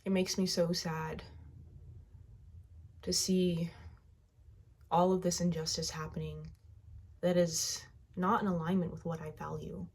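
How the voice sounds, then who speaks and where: Low, flat-voiced woman guiding tapping. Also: breathy edge. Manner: slow, heartfelt first-person affirmations. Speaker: EFT tapping guide. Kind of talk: guided tapping session.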